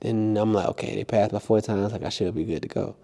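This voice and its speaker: Animated young man with a dark voice. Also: fast, creaky. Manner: animated, impulsive storytelling with high-pitched acted-out quotes. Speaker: vlogger. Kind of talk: casual storytelling.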